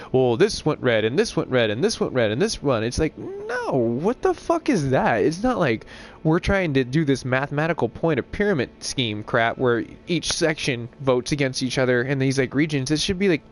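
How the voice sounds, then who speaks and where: In a mid-range voice, a young man rambles through casual gaming stream chat, swearing and leaning heavily on "like" and other filler words. There's slight background noise.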